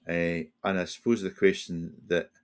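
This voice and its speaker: A man's voice: low voice, level tone, moderate pace, clean tone. A Scottish man in his sixties, a retired police officer, telling a reflective story as a podcast guest, often restarting and slipping into quoted dialogue. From Scotland. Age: 60s.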